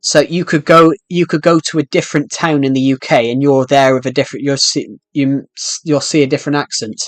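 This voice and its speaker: A man's voice: medium pitch, fairly even intonation, a little fast, no echo. A young British man chatting casually while streaming a game, rambling with frequent restarts. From United Kingdom. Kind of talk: casual live-stream chat while playing.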